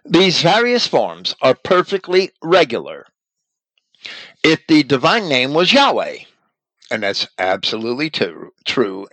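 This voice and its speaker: A man's voice: medium pitch, fairly bright tone, no room sound, poor audio. A man reading an article aloud and commenting on it as a religious teacher, spelling out names letter by letter.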